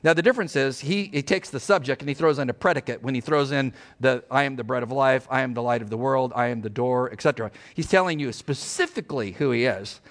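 A middle-aged man preaching a sermon as pastor, emphatic and animated, asking his congregation rhetorical questions. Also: mid-range voice, quick pace, hardly any pauses.

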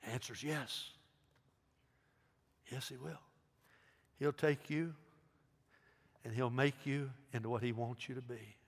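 A middle-aged man, a pastor giving an earnest altar call, swinging between loud emphasis and hushed pleading. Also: medium pitch, steady tone, slow, pauses often. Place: large church sanctuary. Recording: long hall reverb.

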